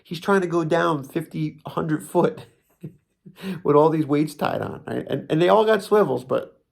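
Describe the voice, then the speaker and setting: Gravelly New Jersey man telling a story. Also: a little high, unhurried. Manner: rambling, self-mocking, frequent restarts and laughs. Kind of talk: casual comic storytelling.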